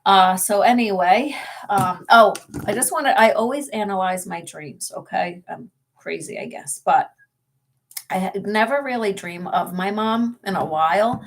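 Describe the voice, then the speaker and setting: A woman's voice: mid-range voice, measured pace. A woman co-hosting a ghost-hunting channel, chatting in a casual vlog update, laughing often and filling her story with fillers.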